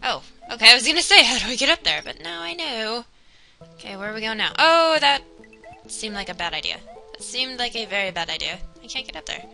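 Young woman, let's player, very bright, slightly high voice, chatty and excitable over game music. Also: brisk, creaky, rough recording. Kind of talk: casual gameplay commentary.

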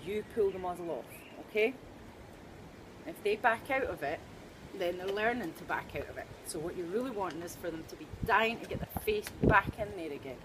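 A woman's voice: on the low side, animated, a little fast, noisy background. Upbeat Scottish woman explaining dog training. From Scotland. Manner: chatty, upbeat, joking asides. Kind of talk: informal training demonstration.

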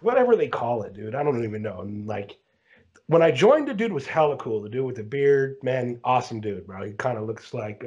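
A man's voice: medium pitch, a little mellow, breathy edge, muffled recording. A man co-hosting a podcast, telling a rambling story in casual chat and saying "dude" constantly. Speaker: podcast co-host.

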